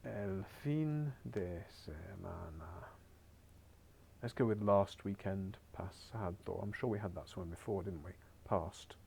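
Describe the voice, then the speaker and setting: A man's voice: deep voice, steady tone, moderate pace, few pauses, a little mellow, a little hiss or hum. A man teaching a beginners' Spanish lesson on a recorded screen share, chatty and encouraging with wry asides.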